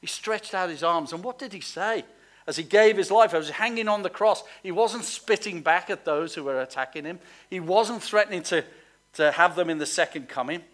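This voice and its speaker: A male pastor with a high voice preaching to his congregation. He moves between emphatic, raised points and quiet, hushed asides. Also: a little fast. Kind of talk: sermon. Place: church hall.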